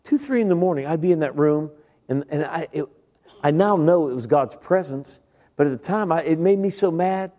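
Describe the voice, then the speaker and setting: A middle-aged man with a warm, fairly high voice delivers a sermon at a moderate pace. He recounts his testimony in a conversational manner and speaks directly to the congregation, his words echoing through a large hall.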